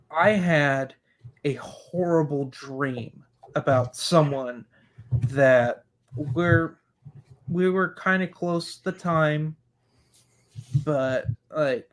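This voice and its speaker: Slow, earnest man on a podcast. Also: a little high. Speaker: podcast host. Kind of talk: casual podcast chat.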